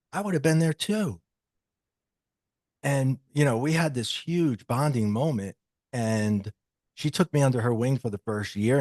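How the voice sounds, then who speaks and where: A man guest on a podcast, telling a personal story in an animated way and acting out the dialogue he quotes. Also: medium pitch, no echo.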